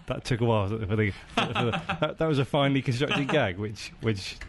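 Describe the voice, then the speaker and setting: A man's voice: medium pitch, expressive, a little fast, slight background noise. A young man rambling in playful, improvised comedy banter as a podcast co-host.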